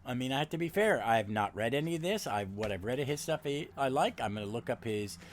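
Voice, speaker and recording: A man hosting a podcast, retelling a comic book plot in a rambling, halting way with many restarts. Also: medium pitch, expressive, a little hiss or hum. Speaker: podcast host. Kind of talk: casual comic book recap.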